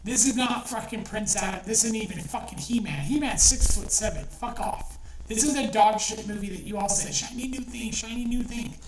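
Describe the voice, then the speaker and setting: A woman's voice: mid-range voice, moderate pace. A middle-aged woman delivering an angry, profane rant as an online commentator, heated and repetitive. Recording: echoey room, distant from mic, faint noise.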